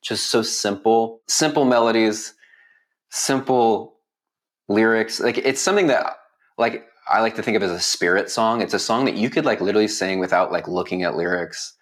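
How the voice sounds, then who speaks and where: Eager man, low voice, full of "like". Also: moderate pace. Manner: enthusiastic, heavy use of "like" fillers. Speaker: interviewer. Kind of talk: casual conversational interview.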